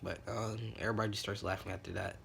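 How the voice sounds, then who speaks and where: A man's voice: low voice, level tone, rapid-fire, vocal fry, fairly bright tone, slight background noise. A man casually retelling a fan story, rambling with lots of fillers and jumping into character voices.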